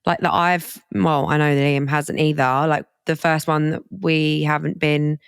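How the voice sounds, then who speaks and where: Chatty woman in her twenties, smooth voice. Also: sits low, steady tone, no echo. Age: 20s. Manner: chatty, quick, teasing. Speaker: podcast co-host. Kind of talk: casual chat.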